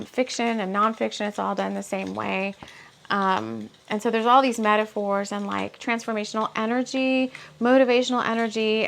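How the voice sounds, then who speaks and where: Lady rambling thru a spiritual card reading, lots of asides, slightly high voice with vocal fry. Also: slight background noise. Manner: rambling, thinks aloud with many asides. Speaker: intuitive reader and author.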